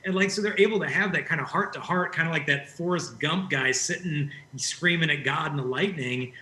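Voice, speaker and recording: Bright-voiced man telling animated stories. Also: fairly high pitch, brisk. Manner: animated storyteller. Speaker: guest. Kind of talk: conversational interview. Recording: roomy echo.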